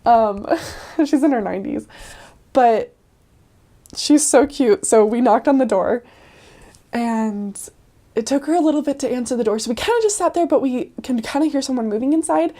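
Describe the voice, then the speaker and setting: A woman's voice: a little high, expressive, normal speed, dark tone. A young woman telling stories in a casual, chatty way, with frequent "like" and "um" and laughs along the way. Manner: chatty, full of "like" and "um", laughs often. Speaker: returned missionary. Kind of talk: casual storytelling.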